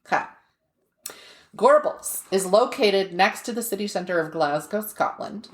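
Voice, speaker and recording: A podcast co-host tells a story in a relaxed, chatty manner, her medium-pitched voice animated and measured, sometimes breaking into laughter mid-sentence. The recording has a roomy sound.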